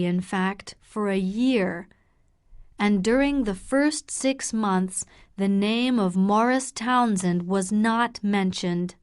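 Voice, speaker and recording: Very slow, careful female storyteller. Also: mid-range voice. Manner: clear, careful, deliberate. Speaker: audiobook narrator. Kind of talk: slow graded-reader narration for learners.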